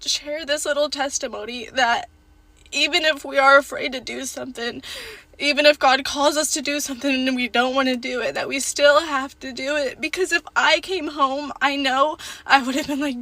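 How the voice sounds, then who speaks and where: A young woman sharing a personal testimony in a halting, rambling way, tearful as she speaks. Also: high voice, fairly even intonation, pushed and bright, no echo.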